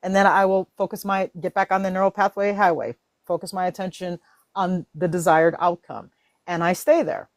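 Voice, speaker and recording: A woman in a casual faith-based discussion, animated and laughing, acting out her own inner voice. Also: fairly low pitch, moderate pace, no room sound.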